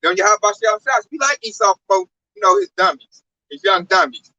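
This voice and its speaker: A man in a casual religious talk, preaching in an animated, profane way. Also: extremely high pitch, brisk, vocal fry, no room sound, lo-fi sound. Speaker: religious talk show speaker.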